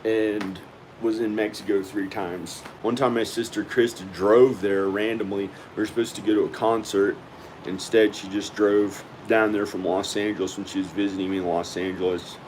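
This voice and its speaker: A man's voice: fairly low pitch, flat delivery, normal speed, a little mellow, poor audio. Rambling man over an air-conditioner hum. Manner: rambling, repeats himself, talks to the viewer. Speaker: vlogger. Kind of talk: casual rambling monologue to camera. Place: at home indoors.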